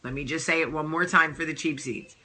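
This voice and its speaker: Woman plays deadpan husband: low, hushed, blunt and teasing. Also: brisk. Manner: flat, matter-of-fact, teasing.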